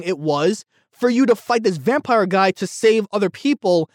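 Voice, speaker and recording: A man's voice: sits high, lively intonation, normal speed, hardly any pauses, dry recording, studio quality. A man ranting casually about a movie, heated and rambling, with frequent stumbles and restarts. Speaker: movie reviewer.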